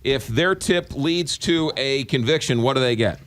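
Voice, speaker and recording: A man's voice: medium pitch, moderate pace, a bit bright, no room sound. Joking male radio host, dry studio. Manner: joking, upbeat, repeats key details for listeners. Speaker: radio morning show host. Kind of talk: casual radio interview banter. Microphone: studio microphone.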